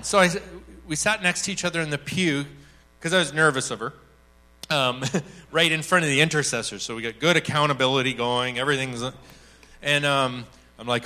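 Animated man telling a church story. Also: on the high side, normal speed. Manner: animated storytelling, acts out quoted voices. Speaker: speaker at a church workshop. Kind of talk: teaching talk with acted anecdote.

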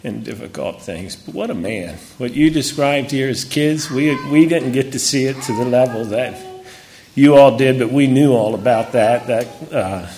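A man's voice: mid-range voice, moderate pace, darkish tone. A man speaking at a memorial, emotional and earnest, his voice catching as he honors the man who died. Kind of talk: memorial tribute speech.

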